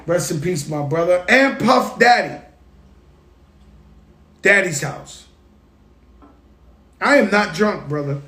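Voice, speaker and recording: Guy hosting his show, telling stories all hyped up, kinda high voice, echoey room. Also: takes it slowly, long pauses. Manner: animated, tells stories with hype and sound effects. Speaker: show host. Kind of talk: casual storytelling monologue. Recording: roomy echo.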